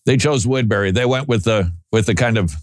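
A man's voice: lowish voice, a little fast, no room sound, studio quality. Sarcastic male talk radio host. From Minnesota, US. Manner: sarcastic, mocking, with repeated words and restarts.

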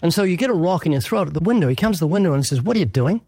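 In a dry, echo-free recording, a man with a slightly high, darkish voice races along expressively. He's an evangelist guest answering an interview question in a preaching style, earnest and emphatic, acting out brief quoted exchanges to make his point.

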